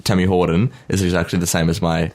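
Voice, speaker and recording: A man's voice: level tone, quick pace, a little mellow. A young man co-hosting a casual radio chat show, giggling often and jumping into silly voices. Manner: giggly, playful, jumps into high silly voices. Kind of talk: casual banter.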